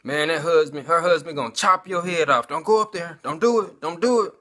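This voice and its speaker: Mocking demons crowd in with shrill, insistent warnings, their voices pitched up and sharp as they taunt, put on by a man telling the story. The tone stays nagging and scornful. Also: a little fast, close to an everyday voice. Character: taunting male demons whispering doubts.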